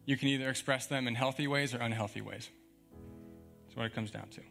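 A man's voice: mid-range voice, steady tone, quick pace, gravelly, fairly bright tone, faint music behind. A young man preaching a sermon as a pastor, talking in a conversational, emphatic way with frequent chuckles.

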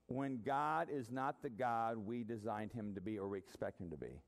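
Guy giving a sermon on a mic, chatty and animated, talks right to the people. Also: lowish voice, a little slow, pauses often. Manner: animated, conversational preaching with asides to the congregation. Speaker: pastor. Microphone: microphone.

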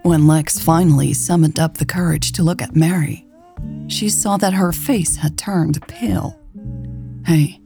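A woman narrating a romance story in a calm, even storytelling voice. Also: sits low, moderate pace, vocal fry, music in the background. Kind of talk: scripted audiobook narration.

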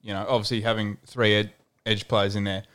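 A man co-hosting a sports podcast, giving even, casual analysis. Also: fairly low pitch, fairly quick. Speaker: podcast co-host.

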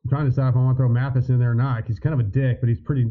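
A man's voice: medium pitch, flat delivery, very fast. A man as a podcast guest, loose and hesitant, swearing casually. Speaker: guest, motocross media personality. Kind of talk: casual chat. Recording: phone-like remote line.

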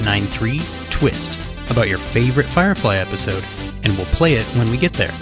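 A man co-hosting a podcast, reading a promo in a wry, deadpan way. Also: lowish voice, a little fast, loud music behind the voice. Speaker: podcast co-host. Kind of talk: scripted promo read.

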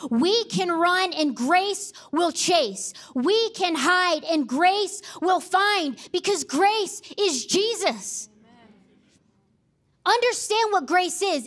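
A woman's voice: very high-pitched, expressive, slow, a bit bright. A woman pastor preaching a sermon, emphatic and repeating key phrases for effect.

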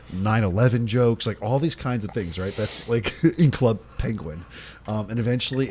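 Lively low-voiced man chatting on a podcast. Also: slight background noise. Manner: rambling storyteller, swears freely. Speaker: podcast co-host. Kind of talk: casual podcast chat.

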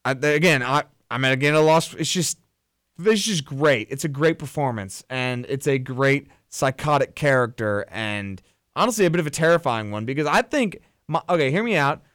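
Man on a podcast with a smooth, resonant voice. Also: mid-range voice, animated, normal speed, no echo, studio quality. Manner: rambling with many restarts, addresses listeners as ladies and gentlemen. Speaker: podcast co-host. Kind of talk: casual film chat.

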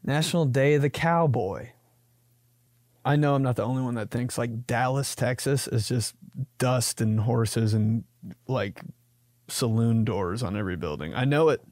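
A man's voice: mid-range voice, normal speed, darkish tone, dry recording, studio quality. A young man hosting a podcast, riffing in a jokey comedic monologue and slipping into silly voices. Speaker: podcast host.

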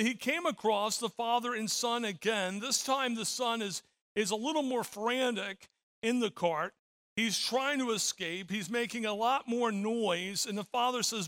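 A man's voice: very high voice, sharp tone. A middle-aged man preaching a sermon as pastor, telling stories with frequent repeated words.

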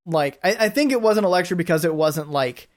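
A man chats on a podcast, circling his thoughts with lots of "like"s and restarts. His voice is fairly high for a man. It comes through smooth and clear. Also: expressive, brisk. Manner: hesitant, many "like"s and restarts. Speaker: podcast co-host. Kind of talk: casual chat.

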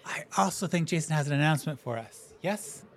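A man's voice: fairly high pitch, lively intonation, brisk, background noise. A playful man chatting casually as a tabletop podcast host. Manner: playful, jokey.

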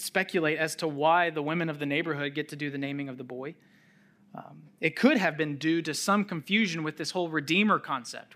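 A man preaching a sermon, telling a scripture story with sudden drops to a near-whisper and rises to loud calls, with chuckling asides. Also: fairly high pitch. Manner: chuckles while making light asides.

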